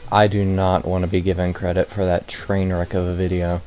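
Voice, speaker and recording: A man's voice: sits low, little pitch movement, brisk, a little mellow. A man chatting casually as a stream guest, laughing often and poking fun at himself. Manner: laughs often, self-deprecating. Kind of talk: casual chat. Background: stream music.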